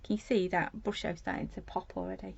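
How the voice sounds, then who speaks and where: Chatty woman demonstrating crafts, gravelly voice. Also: medium pitch, fairly even intonation, brisk. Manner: chatty, rambling, talks while working. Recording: dull lo-fi livestream audio with faint noise.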